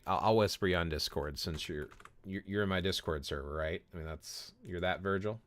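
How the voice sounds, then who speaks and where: A man's voice: deep voice, a bit bright, no room sound. A man live-streaming a mobile game in casual chat, greeting viewers by name, answering chat and often repeating words as he talks. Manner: chatty, friendly, repeats words and restarts often.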